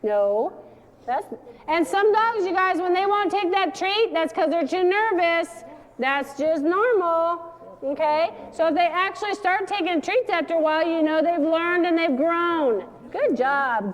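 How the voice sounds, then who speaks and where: A woman's voice: extremely high pitch, lively intonation, unhurried, muffled recording. A woman dog trainer leading a hands-on class, giving direct instructions and coaxing the dogs in a sing-song. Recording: long hall reverb.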